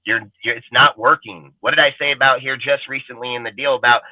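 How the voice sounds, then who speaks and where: A man's voice: medium pitch, fairly even intonation, fairly quick, no room sound. A man hosting a fan show, ranting in a heated, profane, emphatic way. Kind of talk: livestream rant. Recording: dry phone-like audio.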